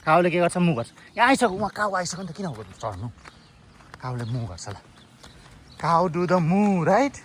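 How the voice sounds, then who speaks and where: Man, high voice, sing-song coaxing, outdoors on a farm, phone mic, faint background noise. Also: very animated, rapid-fire, pauses often. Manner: coaxing, sing-song talk to a toddler, mixing English and Nepali. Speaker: vlogger and father. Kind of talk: casual family vlog narration.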